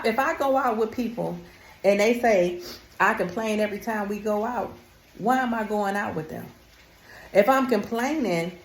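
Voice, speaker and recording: A woman's voice: medium pitch, a little mellow, roomy sound. A woman vlogger talking casually and emphatically to her viewers, calling them honey. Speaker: wellness vlogger. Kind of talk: casual talk to camera.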